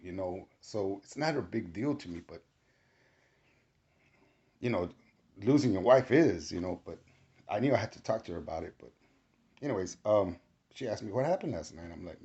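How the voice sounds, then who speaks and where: A man giving a casual testimony, animated and rising to shouts when he quotes himself. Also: deep voice, normal speed, vocal fry, long pauses. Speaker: storyteller recounting a spiritual experience. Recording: dull lo-fi recording.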